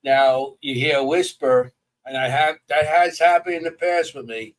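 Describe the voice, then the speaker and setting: A man chatting casually as a paranormal investigator, telling stories in an animated way and restarting sentences as he gets excited. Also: a little high, normal speed, distant mic, poor audio. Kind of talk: casual chat.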